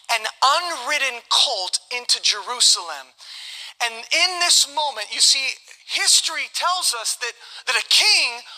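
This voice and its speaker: A man's voice: very high voice, bright, forceful tone. A man preaching a sermon as pastor, reading scripture with joking asides. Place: church sanctuary. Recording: long reverb of a large hall.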